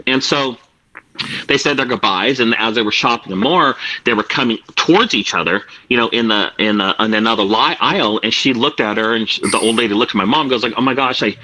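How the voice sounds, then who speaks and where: A man's voice: mid-range voice, quick pace, bright, forceful tone, poor audio. A man on a video call telling a long rambling prank story to friends, with lots of fillers and acted-out quotes. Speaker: storyteller in an online group call. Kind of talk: casual anecdote told to a group.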